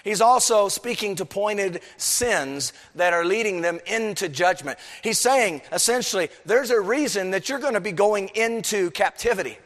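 A man preaching a sermon, swinging between emphatic, raised peaks and low, quiet stretches. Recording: long hall reverb.

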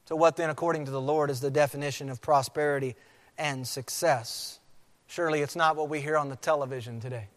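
A man's voice: a little high, steady tone. Preaching man in a reverberant hall. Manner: emphatic preaching, repeats key phrases slowly. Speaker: pastor. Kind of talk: sermon.

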